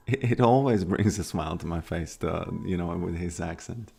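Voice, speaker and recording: A man's voice: low-pitched, moderate pace, vocal fry, a little mellow, husky, faint music behind. A man chatting casually on a live stream, rambling and hesitant with many restarts.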